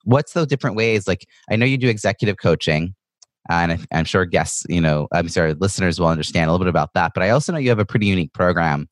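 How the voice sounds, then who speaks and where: Male podcast host, very deep voice, thoughtful, affirming interviewer, dry close sound. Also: expressive, fast, no room sound. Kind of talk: interview conversation.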